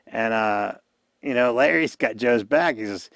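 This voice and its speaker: A man hosting a podcast, giving a rambling, casual recap of an episode and acting out the characters' lines in quick voices. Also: fairly low pitch, gravelly, a bit bright, dry recording, studio quality. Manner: rambling, with many fillers and restarts. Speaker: podcast host.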